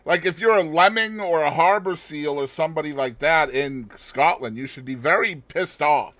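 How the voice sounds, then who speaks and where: A man's voice: a little high, moderate pace, fairly bright tone, dry recording. A man co-hosting a podcast in casual chat, rambling and joking with puns and asides. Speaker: podcast co-host.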